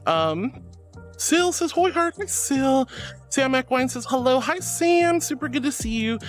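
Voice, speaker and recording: High, lively-voiced man streaming. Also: measured pace, soft background music. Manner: affectionate, calls viewers darling and sweetheart; giggly. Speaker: VTuber streamer. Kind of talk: live stream chat reading.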